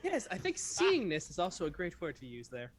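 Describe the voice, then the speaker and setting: A man's voice: sits high, wildly swooping pitch, a little fast. A man playing a tabletop game who talks in character with a wry, scheming tone. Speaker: player.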